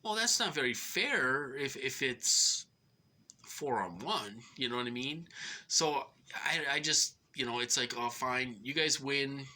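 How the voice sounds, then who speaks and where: Middle-aged man, bright sharp voice, rambling complaint, short of breath, lots of fillers. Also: mid-range voice, lively intonation, unhurried. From Minnesota. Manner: rambling, aggrieved, many fillers and restarts. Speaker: vlogger. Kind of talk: rambling personal monologue.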